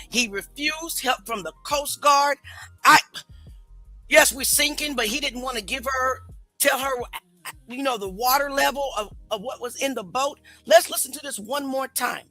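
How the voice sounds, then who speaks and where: A woman's voice: high-pitched, pushed and bright, no echo, poor audio. A woman hosting a casual commentary stream, questioning what she hears and asking viewers what they think. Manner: skeptical, rhetorical questions to viewers. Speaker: commentary show host.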